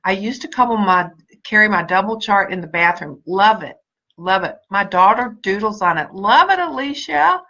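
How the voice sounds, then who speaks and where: Bright-voiced, earnest motivational woman. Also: mid-range voice, animated, moderate pace, lo-fi sound. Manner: earnest and emphatic, repeating key words. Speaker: motivational speaker and sales team leader. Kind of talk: motivational livestream talk.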